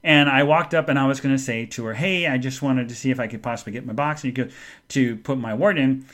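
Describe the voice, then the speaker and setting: A middle-aged man hosting a podcast, telling a personal story in a halting, rambling way and often going quiet and emotional. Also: mid-range voice. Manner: rambling, halting, full of restarts. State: emotional, subdued when speaking of his mother. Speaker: podcast host.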